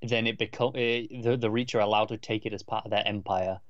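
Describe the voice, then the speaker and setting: A man's voice: on the low side, quick pace, no echo. A man co-hosting a podcast, chatting casually and wryly, chiming in with corrections. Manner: relaxed, wry, chimes in with corrections. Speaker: podcast co-host. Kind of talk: casual chat. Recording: slightly dull lo-fi mic.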